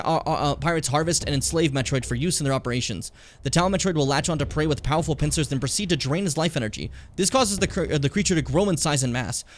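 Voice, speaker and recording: A man in his late twenties gives loose, profane commentary while he plays a game, his voice sitting a little high. He sounds worn out as he reads the game's lore aloud and trips over the words. Game music plays faintly underneath. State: tired. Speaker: streamer. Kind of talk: casual gameplay commentary.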